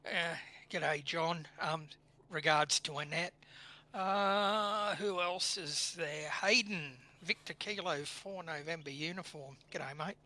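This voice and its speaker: A man's voice: fairly high pitch, takes it slowly, pushed and bright. An Australian man from Western Sydney co-hosting a live stream, chatting in a friendly way and greeting viewers by name. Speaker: co-host. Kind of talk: casual live-stream chat.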